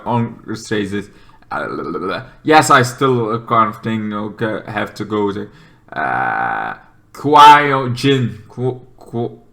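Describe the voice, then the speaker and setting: A man giving a casual movie review, rambling through the plot with loose filler phrases and sudden excited bursts. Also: medium pitch. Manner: loose phrasing with filler such as "kind of thing".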